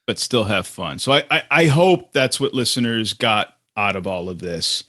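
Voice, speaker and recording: Chatty man with halting restarts. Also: fairly low pitch, animated, fairly bright tone. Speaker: podcast co-host. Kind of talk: casual chat.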